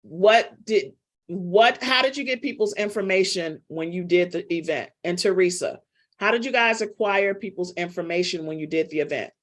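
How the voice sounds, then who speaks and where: A woman's voice: fairly low pitch, normal speed. A middle-aged woman business coach teaching a live online class, chatty and teasing as she calls on students by name.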